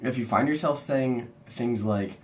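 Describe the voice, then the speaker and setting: A young man and university student, sick and with a rough-sounding voice, talking through a talk he watched in a rambling, casual way. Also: medium pitch, measured pace, a little hiss or hum. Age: young adult. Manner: chatty and rambling, lots of "kinda". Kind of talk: casual video review.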